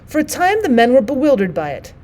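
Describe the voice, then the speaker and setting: A woman teacher reading a classic novel aloud in clear, expressive audiobook narration. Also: sits high, fast.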